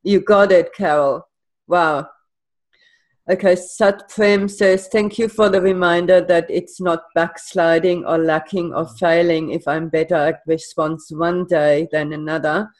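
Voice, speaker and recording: A woman with a slightly low voice reads viewer comments aloud on a video call. She affirms each one in a casual, agreeable way. Her delivery is plain and conversational. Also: steady tone, a little slow. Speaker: co-host reading viewer comments. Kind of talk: casual chat.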